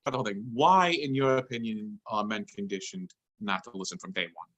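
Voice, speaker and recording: A man's voice: on the low side, lively intonation, brisk, a bit bright, poor audio. A man hosting a round-table discussion, asking questions in a direct, rallying way. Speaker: host, moderator. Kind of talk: casual round-table chat.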